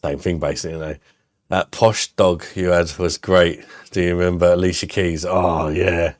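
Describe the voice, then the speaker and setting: A man chats on a live stream, trading crude jokes and banter with his viewers. His voice sits low. The sound is close and dry, with no room around it. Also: little pitch movement, moderate pace, dry recording. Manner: banter-heavy, jokey and crude.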